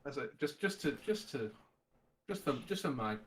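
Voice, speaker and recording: A man's voice: mid-range voice, moderate pace. A man playing a tabletop game, joking and interrupting himself. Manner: joking, lively, self-interrupting. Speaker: player. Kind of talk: casual play chat.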